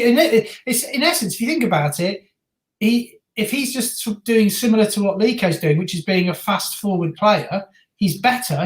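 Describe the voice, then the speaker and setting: Chatty woman co-host in roomy echo. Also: mid-range voice. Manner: lively, reads out viewer comments, laughs easily. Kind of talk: live match reaction chat.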